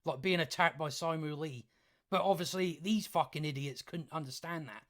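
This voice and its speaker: A man delivers a sarcastic, profane rant for his video channel, his voice sitting a touch higher than most men's. He chuckles at his own points and stumbles through restarts as he goes. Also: fairly bright tone. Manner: halting restarts. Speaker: YouTube commentator. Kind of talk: ranting commentary.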